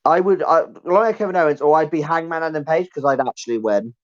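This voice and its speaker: A man's voice: fairly high pitch, fast. Joking man on a dull mic. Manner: jokey, rambling. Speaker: podcast co-host. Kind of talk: casual banter among friends.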